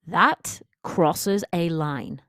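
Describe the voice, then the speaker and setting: Low-voiced woman coaching, emphatic and direct. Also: very slow, fairly bright tone, dry recording, clean studio sound. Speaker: confidence coach. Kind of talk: solo podcast monologue.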